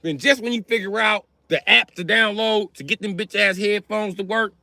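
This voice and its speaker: A man on a livestream telling profane, animated comic stories. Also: high-pitched, normal speed, gravelly, no room sound. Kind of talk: comedic livestream rant.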